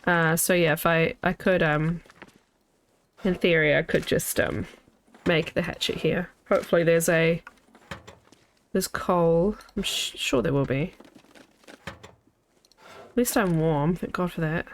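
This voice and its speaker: A woman's voice: lowish voice, fairly even intonation, slow, long pauses, a little hiss or hum. A woman in her thirties streaming a video game, chatting casually with her viewers in a rambling way that trails off and restarts.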